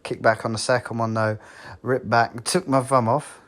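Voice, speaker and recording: A man's voice: medium pitch, level tone, normal speed, fairly bright tone. A man, a tradesman, telling an injury story in a matter-of-fact, blunt way. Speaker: tradesman guest. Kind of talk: casual anecdote.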